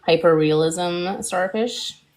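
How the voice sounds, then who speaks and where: Her voice lowish and her pace slow, this Canadian-accented art streamer chats casually through a painting tutorial. She laughs a lot and keeps up an animated, teasing banter.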